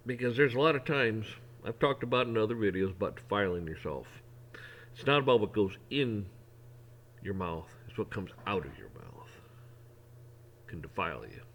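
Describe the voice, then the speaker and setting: A man's voice: on the low side, animated, moderate pace, a bit bright. A middle-aged man talking in a casual, folksy way, rambling through an opinion monologue with frequent restarts. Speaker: vlogger.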